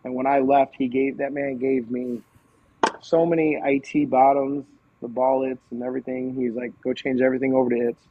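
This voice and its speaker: A man in casual conversation, spinning a long story with plenty of "like" and restarts, his voice sitting at an ordinary middle pitch. A faint hiss of noise sits under the audio. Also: normal speed, gravelly, phone-quality sound. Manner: animated storyteller, quotes others, frequent fillers and restarts. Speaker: podcast guest.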